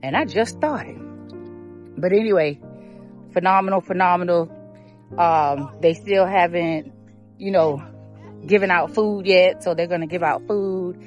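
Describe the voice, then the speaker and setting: A woman's voice: fairly low pitch, unhurried, long pauses, dull audio. A woman vlogging live on a phone as she walks an outdoor trail at a charity event. She is a little out of breath and chats in a rambling way, with many fillers. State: out of breath while walking. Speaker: vlogger filming a live stream. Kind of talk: casual live-stream commentary. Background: live music.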